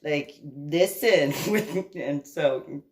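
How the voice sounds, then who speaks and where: A woman's voice: sits low, very slow. A woman from New Jersey telling a rambling personal story, laughing often and acting out the dialogue. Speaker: vlogger. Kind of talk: casual storytelling.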